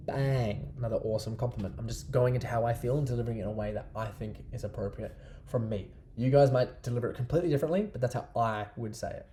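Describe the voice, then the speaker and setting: Male dating coach, relaxed chatty delivery with a low, warm voice. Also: fast talker, a little hiss or hum. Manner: chatty, loose, keeps asking "right?". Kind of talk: casual advice talk to camera.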